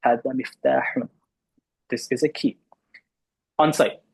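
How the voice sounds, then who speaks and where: Husky-voiced man teaching a class. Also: mid-range voice, steady tone, low-quality recording. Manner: patient, repeats Arabic words slowly. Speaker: Arabic teacher. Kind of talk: classroom lesson with online students.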